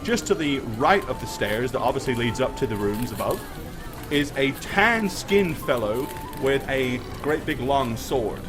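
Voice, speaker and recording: A man's voice: mid-range voice, expressive, unhurried. A man narrating a tabletop game as game master, in a casual, chatty way. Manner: casual, chatty, thanks viewers. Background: background music.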